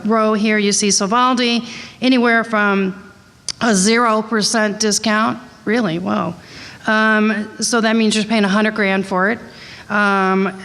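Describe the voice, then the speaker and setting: A woman's voice: mid-range voice, a bit bright. A woman giving a conversational slide presentation to a conference audience, candid and chatty, with frequent fillers and asides. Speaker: conference presenter on drug costs. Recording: long hall reverb.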